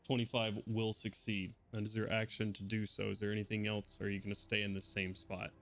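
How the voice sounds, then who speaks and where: Low-voiced man running the game. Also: little pitch movement, a bit bright. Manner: brisk and orderly, calling turns and rolls. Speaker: game master.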